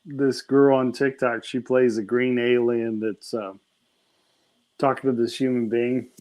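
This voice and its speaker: A man's voice: medium pitch, little pitch movement, unhurried, darkish tone, rough recording. Guy just chatting casually, kinda rambly, retelling funny bits and chuckling at them. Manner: rambling, laughs at own jokes, retells comedy bits. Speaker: conversation partner. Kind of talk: casual chat.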